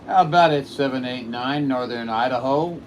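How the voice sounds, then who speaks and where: A man's voice: medium pitch, moderate pace, very noisy. Chatty radio operator man. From Saint Louis, Missouri. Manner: excitable, chatty. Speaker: radio operator streaming live. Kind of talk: casual radio chat.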